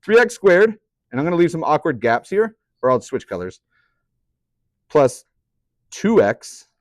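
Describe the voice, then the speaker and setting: A man's voice: a little high, very animated, measured pace, darkish tone, no room sound, studio quality. Chatty man teaching a math class. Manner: chatty, asks the class questions. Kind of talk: classroom lecture.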